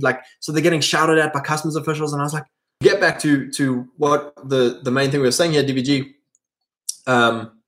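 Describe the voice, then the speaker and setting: A man's voice: a little high, a bit bright. A man from South Africa with a South African accent, talking in a casual, rambling monologue full of fillers and restarts.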